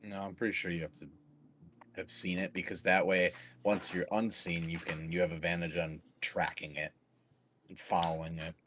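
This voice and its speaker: A man's voice: low-pitched, level tone, normal speed, a bit bright, slight background noise. A man playing in a tabletop game, describing his character's actions hesitantly with restarts. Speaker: player. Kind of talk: casual tabletop play.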